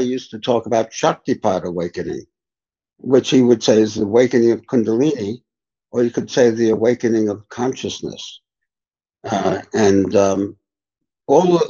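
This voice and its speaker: A mellow, medium-pitched voice with a breathy edge belongs to an older spiritual teacher. As a podcast interview guest, he unhurriedly shares reflective stories, captured in dull, lo-fi sound.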